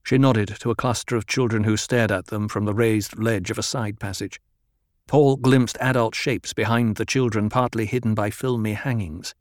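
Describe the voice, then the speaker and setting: A man narrating an audiobook in a calm, measured reading style. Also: fairly low pitch, dry recording, clean studio sound. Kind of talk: scripted narration.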